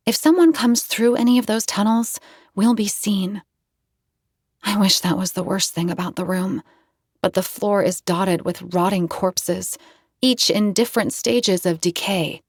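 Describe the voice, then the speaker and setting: A woman's voice: lowish voice, no echo, clean studio sound. A woman reading a novel aloud in first person, with tense, dramatic storytelling. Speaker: audiobook narrator.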